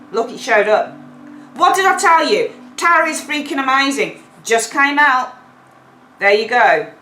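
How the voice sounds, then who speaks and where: A woman giving a casual weekly tarot reading to camera, chatty and expressive, swearing now and then and acting out the figures on the cards. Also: mid-range voice, roomy sound, low-quality recording. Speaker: tarot reader.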